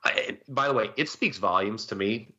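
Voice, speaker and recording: A man's voice: fairly low pitch, moderate pace, bright, forceful tone, muffled recording. A man co-hosting a casual podcast, giving emphatic, rambling opinions. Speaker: podcast co-host. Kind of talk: casual wrestling podcast chat.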